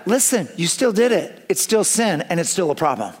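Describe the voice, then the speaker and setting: Conversational male pastor with a high voice. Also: big pitch swings. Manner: earnest and conversational, with quickened asides. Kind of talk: sermon.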